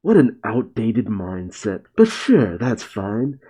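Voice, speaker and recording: A man's voice: on the low side, huge pitch swings, slow pace, dark tone, husky, exaggerated voice. A man reading the lines of a cold, menacing male gang leader in a dry, dismissive way.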